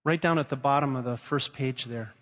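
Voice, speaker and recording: A man's voice: medium pitch, a little fast, fairly bright tone, in a large hall. A man from Louisiana preaching a sermon and telling stories, acting out the voices he quotes. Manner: storytelling, acts out quoted voices. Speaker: pastor.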